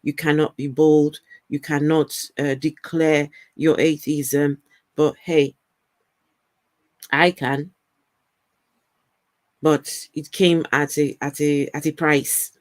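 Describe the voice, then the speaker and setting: This livestream host, a woman from Africa whose accent combines African and British, speaks slowly in a low, level, darkish voice, pausing often. The recording is dry. She casually reads comments and chats with viewers, repeating words and laughing a lot.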